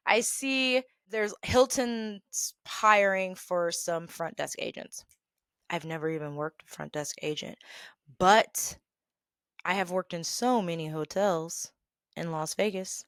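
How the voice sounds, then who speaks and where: A woman's voice: on the low side, clear, resonant tone, no echo, clean studio sound. Chatty woman host spinning work stories. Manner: chatty and animated, acting out dialogue with quick asides. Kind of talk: casual storytelling.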